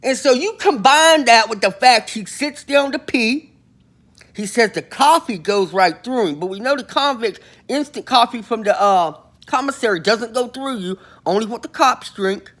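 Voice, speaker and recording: A man's voice: very high voice, lively intonation, normal speed, a bit bright. A man hosting his own channel, telling a rambling comic story in a boastful, slangy way and acting out the people he quotes. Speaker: channel host telling prison stories.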